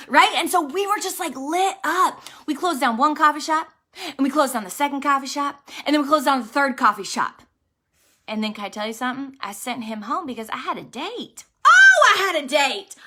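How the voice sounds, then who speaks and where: A woman in her thirties who leads a ministry, telling a personal story in a casual, excitable livestream chat. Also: high-pitched. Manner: animated, excitable, talkative storyteller. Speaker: ministry leader and vlogger.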